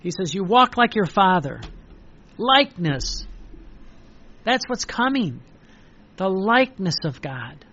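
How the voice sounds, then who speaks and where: Male preacher, high voice, fervent and repetitive, dull lo-fi sound. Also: very animated, takes it slowly, long pauses, bright, forceful tone. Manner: fervent, repetitive, reads quoted passages aloud. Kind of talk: devotional sermon.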